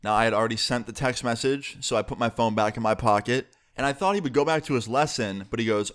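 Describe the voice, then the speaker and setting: A young man telling a profane storytime about school, with sudden jumps in pitch. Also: fast, hardly any pauses, a bit bright. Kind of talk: casual storytime.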